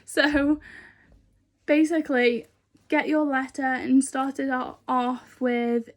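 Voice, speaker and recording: A woman's voice: high-pitched, level tone, slow. A woman talking casually to camera as a vlogger, chatty and rambling, earnest and upbeat. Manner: chatty and rambling, many fillers.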